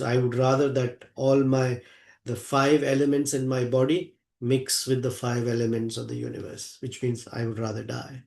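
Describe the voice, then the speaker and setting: A man retells a sacred epic as a devotional lecture, slipping into the characters' voices and chanting Sanskrit verses along the way. He speaks slowly and deliberately, pausing often and checking in with his listeners. The room around him is noticeably echoey. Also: medium pitch, darkish tone. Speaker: spiritual teacher. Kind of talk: devotional scripture storytelling lecture.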